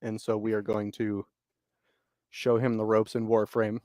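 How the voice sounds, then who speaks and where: Animated, swearing man telling gaming stories. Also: lowish voice, a little slow, no room sound, studio quality. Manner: animated storyteller, swears freely, laughs often. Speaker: podcast co-host. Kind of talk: casual chat.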